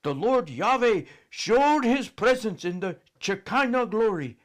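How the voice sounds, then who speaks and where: A man voicing a fervent, theatrical old grandmother telling a story, swinging from cheers to hushed whispers. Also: sits high, animated, measured pace, pitched above the performer's own voice. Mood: solemn. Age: older.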